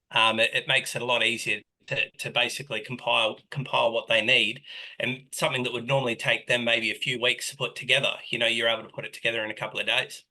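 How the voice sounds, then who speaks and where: A man speaking as a guest on a live online call, hesitant and halting, with frequent fillers. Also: mid-range voice, sharp tone. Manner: hesitant, many fillers and restarts. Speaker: guest client.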